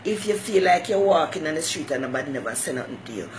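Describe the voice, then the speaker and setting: A woman's voice: low voice, expressive, quick pace, slight background noise, rough recording. A woman hosting her own talk show, giving folksy motherly advice and greeting viewers by name. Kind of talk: casual live-stream monologue.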